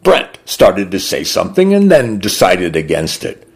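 A man reading a literary short story aloud for a radio program, slow, deliberate and expressive. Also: deep voice, slightly rough.

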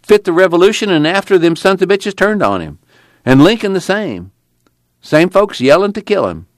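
A man doing a fervent high-voiced preacher. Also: big pitch swings, moderate pace, no echo, clean studio sound. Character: excited earnest rural preacher man. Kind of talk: audiobook character voice.

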